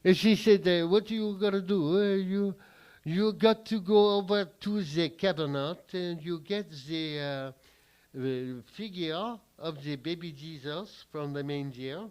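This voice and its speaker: A man's voice: sits high, unhurried, clear, resonant tone. Man doing an indignant French storyteller. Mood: aggrieved. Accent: put-on French. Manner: indignant, deadpan storytelling with profane punchlines. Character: aggrieved French man recalling boyhood. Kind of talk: standup character bit.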